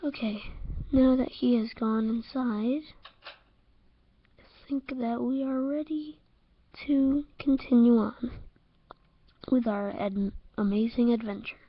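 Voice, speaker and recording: A young woman giving excitable, jumpy commentary over a horror game, laughing at her own scares. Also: fairly high pitch, slow, long pauses, dull audio. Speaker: let's-play gamer.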